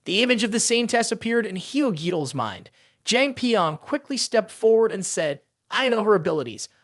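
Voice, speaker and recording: Lively high-voiced male narrator. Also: moderate pace, no echo, studio quality. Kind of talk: scripted story recap narration.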